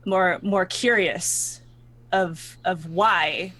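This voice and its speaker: An apologetic knight, voiced by a man in a tabletop game, answering a king's question. The speech is very slow and halting, and the voice is high for a man. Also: pushed and bright, full character voice. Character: Sir Elaine, apologetic male knight.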